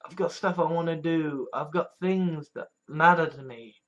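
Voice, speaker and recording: A vlogger in a candid personal monologue, blunt and profane, sighing and trailing off, then flaring into mocking loud bits. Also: medium pitch, normal speed, lo-fi sound. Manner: blunt and profane, with frequent sighs and trailing restarts; swings between weary mutters and mocking shouted quotes.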